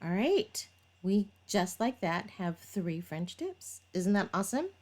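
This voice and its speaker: Slow-talking woman demonstrating a manicure. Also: mid-range voice, very animated, darkish tone. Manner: chatty, talks while working, laughs at herself. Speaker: nail tutorial vlogger. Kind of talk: casual step-by-step demonstration.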